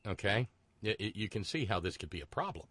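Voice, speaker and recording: A man hosts a casual comedic talk show and tells a long story with plenty of asides. His pitch swings widely, and his tone is bright. The sound is dry and close. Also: breathy edge, dry recording. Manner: animated storyteller, drawn-out asides. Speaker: podcast host. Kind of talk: casual comedic political chat.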